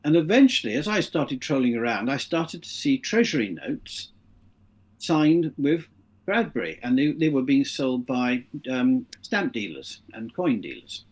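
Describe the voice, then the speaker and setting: A middle-aged man, talking as a guest in a casual interview. He tells long stories in a mid-pitched voice and acts out the lines of the people in them. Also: very animated, a little slow, slightly rough.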